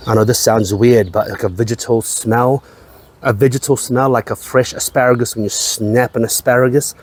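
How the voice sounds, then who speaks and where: A man's voice: mid-range voice, fairly even intonation, normal speed. A man reviewing whisky in a casual chat, rambling, repeating his phrases and swearing now and then. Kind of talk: casual tasting-note chat.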